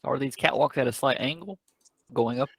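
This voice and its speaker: A man playing a tabletop game, describing his character's actions and cracking jokes. His voice is gravelly, with a mid pitch. The recording is dry and close. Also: moderate pace, no echo, poor audio. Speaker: player.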